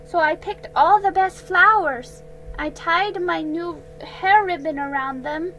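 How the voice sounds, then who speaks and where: A woman's voice: very high-pitched, takes it slowly, soft background music, voice pushed up, full character voice, low-quality recording. A woman reading a storybook aloud, voicing a young girl who is heartbroken, furious and close to tears. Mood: shaky, sad. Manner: shouting in anger, then shaky and tearful.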